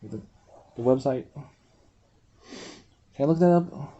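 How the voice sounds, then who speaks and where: A man's voice: medium pitch, takes it slowly, lo-fi sound. A man streaming, rambling casually to chat. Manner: rambling, reads website aloud, talks to chat; swears freely, animated outbursts.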